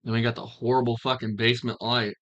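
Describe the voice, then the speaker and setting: A man's voice: medium pitch, little pitch movement, quick pace, a bit bright, lo-fi sound. A man giving crude, mocking reaction commentary on a stream, often breaking into laughter. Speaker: stream reviewer.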